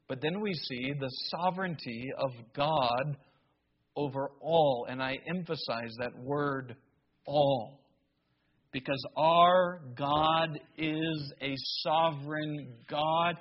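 A man preaching a sermon, slow and emphatic, with dramatic pauses and emphasis that builds. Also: fairly high pitch, lo-fi sound.

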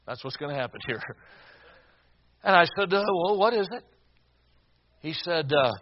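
Guy preaching a story, earnest, goes quiet n soft on the sad bits, kinda high voice, dull recording. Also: lively intonation, unhurried, long pauses. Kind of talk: sermon storytelling.

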